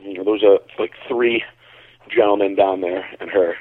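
A man from Connecticut, a bodybuilder, telling a story in a relaxed, rambling way on a call-in show, heard over a tinny phone line. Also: low voice, moderate pace, breathy edge, no room sound. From Connecticut, USA. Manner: relaxed, rambling, lots of fillers. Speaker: bodybuilder and caller.

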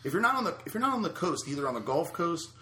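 A man in casual chat, chiming in with quick questions and comments. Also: on the high side, big pitch swings, bright, forceful tone.

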